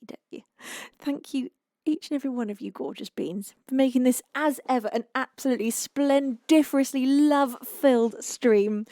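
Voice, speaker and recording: A woman's voice: on the high side, no echo, studio quality. A young woman with an English accent, chatting effusively to her live stream viewers as she signs off. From United Kingdom. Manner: bubbly and effusive, with soft laughs and sighs. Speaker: streamer and singer-songwriter.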